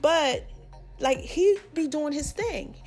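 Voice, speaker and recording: A woman, hosting a podcast and giving casual, affectionate shout-outs in a chatty, slangy way. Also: sits high, takes it slowly, faint music behind. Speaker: podcast host.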